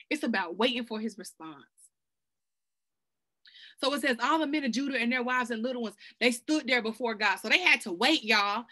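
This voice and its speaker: A woman with a high, bright voice teaches scripture in a casual way, talking straight to her viewers. She is excitable and full of slang, and she keeps wandering off topic before pulling herself back. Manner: excitable, colloquial, sidetracked, slang-heavy. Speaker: Bible study teacher. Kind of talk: casual preaching to camera. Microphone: self-recorded video.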